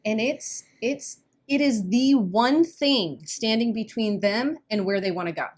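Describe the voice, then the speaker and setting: Her voice sits on the high side with a darkish tone. As a weight-loss coach co-hosting a podcast, she chats earnestly and casually, speaks in quick bursts, and laughs nervously when uncomfortable.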